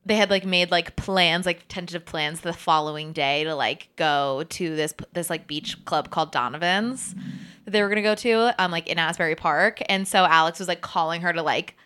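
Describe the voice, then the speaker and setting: A woman's voice: fairly low pitch, normal speed, fairly bright tone, clean tone. A woman in her twenties, co-hosting a podcast and telling a story in casual chat, full of "like" and the odd swear. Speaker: podcast co-host.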